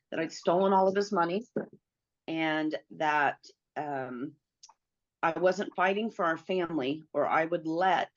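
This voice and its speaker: A middle-aged woman with a deep, low voice recounts a personal story as an interview guest. She speaks earnestly and acts out the lines she quotes. The recording sounds dull and lo-fi.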